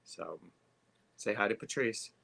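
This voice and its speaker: A man hosting a live tarot stream, chatting casually with lots of fillers and pauses. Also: fairly low pitch, gravelly, pushed and bright. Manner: chatty, halting, many fillers.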